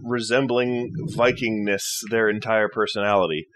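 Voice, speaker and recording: A man's voice: fairly low pitch, fairly even intonation, moderate pace, a bit bright, slight background noise. A man co-hosting a podcast in giggly, chatty casual talk. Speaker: podcast co-host. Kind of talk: casual chat.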